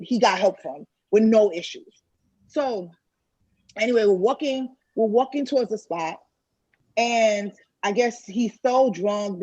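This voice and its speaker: A woman's voice: mid-range voice, darkish tone, husky, no room sound, poor audio. A woman telling a personal story in a candid, conversational way, acting out other people's lines as she goes. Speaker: speaker sharing a personal story.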